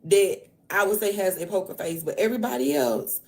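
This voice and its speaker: A woman podcast host casually retelling events in an emphatic, animated way, full of slang. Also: medium pitch, fairly quick. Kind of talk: casual storytelling recap.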